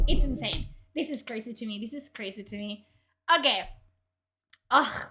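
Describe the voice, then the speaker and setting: A woman's voice: on the high side, moderate pace, long pauses, sharp tone. A woman streamer on a livestream, reacting to gaming news in an angry rant, swearing and repeating herself.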